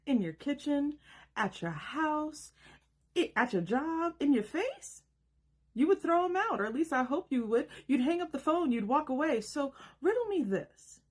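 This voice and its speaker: A woman in her thirties giving an emphatic, rhetorical self-help monologue with dramatic pauses. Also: high voice, sing-song. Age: 30s. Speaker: self-help video host. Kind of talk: scripted motivational monologue.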